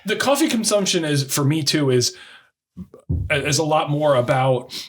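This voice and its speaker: A man's voice: a little high, expressive, moderate pace. A man co-hosting a podcast in casual chat, rambling with many restarts and fillers and swearing freely. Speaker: podcast co-host.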